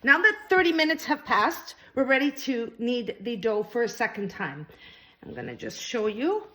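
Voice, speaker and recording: Her voice is on the high side, pushed and bright, with lively intonation at a normal speed. This cooking host chattily explains each step of a casual home lesson while a little winded from kneading dough.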